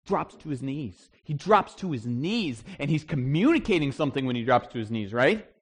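A pastor preaches at a church service, reading scripture and then explaining it in a conversational, emphatic style while acting out the people in the story. His husky mid-range voice swings widely in pitch at a moderate pace.

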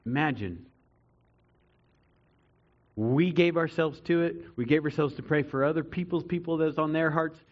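A man preaching a sermon to a congregation, earnest, swinging between loud emphatic stretches and quiet reflective ones. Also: fairly high pitch, normal speed, long pauses, dull audio. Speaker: pastor.

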